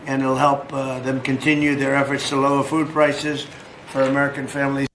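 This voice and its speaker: A man giving a formal public statement in a measured, even delivery, heard as a played clip. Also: medium pitch, slight background noise. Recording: roomy clip with faint ambience.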